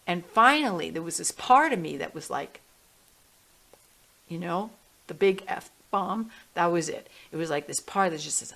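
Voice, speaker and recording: A middle-aged woman, a guest on an interview show, tells a personal story in a lively way and acts out the voices in her head. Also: fairly low pitch, normal speed, gravelly. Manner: animated storyteller, acting out her inner voices. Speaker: guest, healing music artist.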